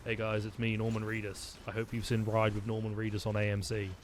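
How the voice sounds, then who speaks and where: A man doing a low, deadpan impression of a famous male actor as a children's show host. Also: a little fast, slight background noise, natural voice.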